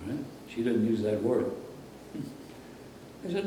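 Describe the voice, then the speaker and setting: A man's voice: medium pitch, very animated, slow pace, warm tone, heavy reverb, distant mic, a little hiss or hum, poor audio. An older man from Brooklyn, New York, reminiscing in a rambling, anecdotal way during an interview. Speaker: interviewee, former radio announcer.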